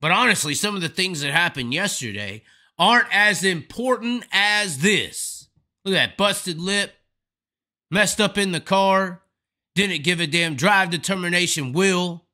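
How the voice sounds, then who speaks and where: A man's voice: sits high, animated, measured pace, pushed and bright. A man hosting a live stream, delivering a profane, emphatic, rambling rant of commentary. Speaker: host.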